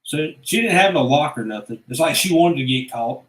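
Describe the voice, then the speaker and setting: A man's voice: on the high side, lively intonation, brisk. A man, telling stories from his life in a blunt, rambling, profane way. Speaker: vlogger. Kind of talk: casual personal storytelling. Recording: echoey room.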